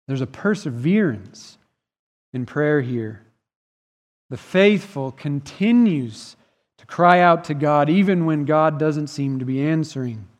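A man's voice: on the high side, lively intonation, takes it slowly. A man preaching a sermon as pastor, earnest and emphatic, his voice swelling and dropping in volume. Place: church sanctuary. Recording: long reverb of a church hall.

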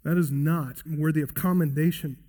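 A male pastor preaching a sermon, speaking earnestly and dropping softer when he quotes scripture. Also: fairly high pitch, steady tone, moderate pace. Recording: long reverb of a hall.

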